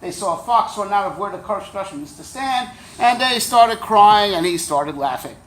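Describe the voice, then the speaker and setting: A man's voice: high-pitched, lively intonation, fairly quick, fairly bright tone, slight background noise. A man teaching a Torah class as a rabbi, conversational and wry, often checking in with his listeners. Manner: conversational, keeps checking in with "right?"; wry, joking asides.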